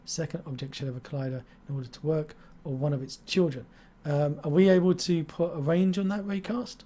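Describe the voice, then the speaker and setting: A man's voice: fairly high pitch, fairly even intonation, fairly quick, warm tone. A man hosting a live-stream interview, chatty and jokey, rambling from topic to topic. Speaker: stream host.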